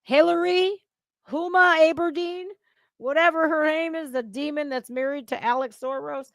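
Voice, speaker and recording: A woman talking straight into a close microphone in a dry, dead room, her voice sitting fairly high. She rants bluntly, swears freely and flares into sudden loud outbursts as she reacts to the news. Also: steady tone, moderate pace, no room sound. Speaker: political commentary host. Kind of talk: casual reaction commentary.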